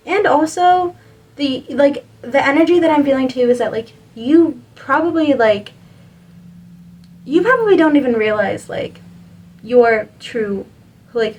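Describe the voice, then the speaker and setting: A young woman with a fairly high voice gives a spiritual reading to camera, earnest and encouraging, rambling with lots of "like"s. She is recorded from a distance, and the quality is low.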